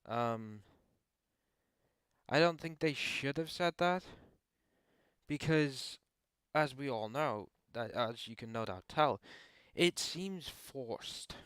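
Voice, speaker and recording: A young man hosting his own channel, answering viewer questions in casual opinion talk, pausing often with ums and restarting his sentences. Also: medium pitch, lively intonation, fairly bright tone, clear, resonant tone, no echo. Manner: hesitant, frequent ums and restarts.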